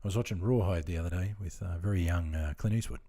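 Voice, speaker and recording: A relaxed Australian man talks loosely to his live chat while he plays. His voice sits fairly low, and he rambles from one thought to the next with plenty of fillers. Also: fast talker. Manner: rambling, laid-back, chatting with viewers. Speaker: game streamer. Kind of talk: casual live-stream chat.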